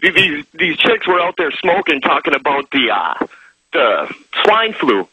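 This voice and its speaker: Male caller, rambling and excited, husky bright voice over a phone line. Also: fairly high pitch, unhurried, no room sound. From Minnesota. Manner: eager, rambling storyteller.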